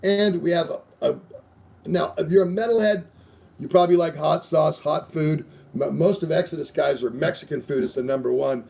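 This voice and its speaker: A man's voice: a little high, fairly even intonation, moderate pace, vocal fry, darkish tone. A middle-aged man hosting a casual podcast, rambling loosely through sponsor reads with plenty of swearing. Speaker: show host.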